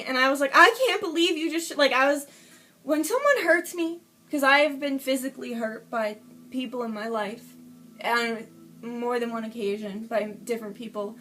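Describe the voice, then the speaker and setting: A woman with a high voice tells a personal story straight to camera, casual and candid. She swears freely and walks through events beat by beat, emotion close to the surface. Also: a bit bright. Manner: emotional play-by-play retelling. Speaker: vlogger. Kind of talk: storytime vlog.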